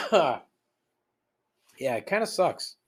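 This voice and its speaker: A man's voice: sits high, sing-song, extremely slow, slightly rough. A man hosting a podcast, telling stories in a casual, profane, sardonic rant. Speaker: podcast host.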